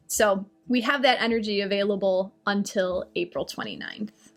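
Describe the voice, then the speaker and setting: A woman who reads astrology and oracles talks about astrology on a live stream and answers viewer comments. Her voice is medium-pitched and moderately paced, and her manner is chatty and reassuring.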